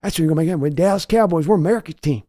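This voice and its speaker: A man putting on the voice of a domineering older team owner who yells at and scolds his grown son. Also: fairly high pitch, racing, no room sound, clean studio sound, lightly acted. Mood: scolding.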